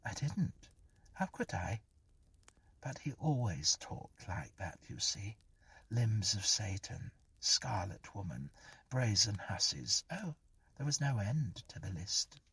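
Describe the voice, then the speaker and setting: Man doing a teasing ghost girl, raised pitch, lively swoops, husky breath, storybook reading. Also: slow, heavily acted. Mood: teasing, goading. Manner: teasing, scornful, mischievous. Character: sly, mocking dead young woman.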